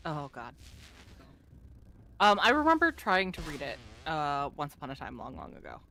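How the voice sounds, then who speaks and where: A woman's voice: low-pitched, big pitch swings, normal speed, fairly bright tone, slight background noise. A woman playing a co-op game with a friend, making dry, wry remarks. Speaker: co-op gaming partner. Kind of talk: casual co-op gameplay chat.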